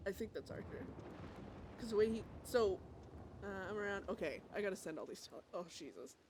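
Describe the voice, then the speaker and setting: A woman's voice: medium pitch, expressive, brisk, noisy background. A woman streaming a roleplay game, talking casually and emotionally, swearing, restarting sentences and often laughing and gasping. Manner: chatty, with frequent restarts and swearing. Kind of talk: casual live-stream commentary.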